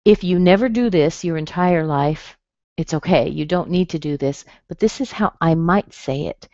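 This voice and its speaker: A woman's voice: low voice, normal speed, mellow, no echo. An American woman teaching a live online pronunciation class, explaining patiently and drawing out the sounds she demonstrates. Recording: dry, dull lo-fi webinar audio.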